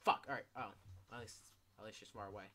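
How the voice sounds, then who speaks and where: A man commentating his own gameplay casually, swearing a lot and yelling in sudden bursts. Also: fairly low pitch, fairly even intonation, quick pace, faint music behind. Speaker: gameplay streamer.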